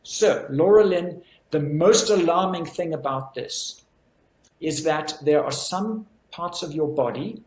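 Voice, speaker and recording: Guy doctor explaining stuff in an interview, kinda high voice, echoey room, earnest and pushy about it. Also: takes it slowly, a little mellow. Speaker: physician guest.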